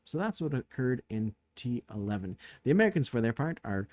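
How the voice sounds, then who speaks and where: A man's voice: medium pitch, sing-song, fairly quick, a little mellow, no echo. A man casually recapping a turn of a strategy board game, thinking aloud with many fillers, tired late at night.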